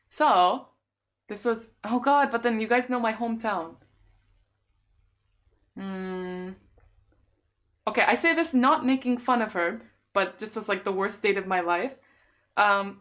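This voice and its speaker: A young woman live-streamer, chatty and quick to laugh, spins stories and acts out what other people said. Her voice sits a little high. She talks in a relaxed, casual way. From San Diego, USA. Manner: chatty storytelling, laughs often, lively quoted dialogue. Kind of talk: casual chat.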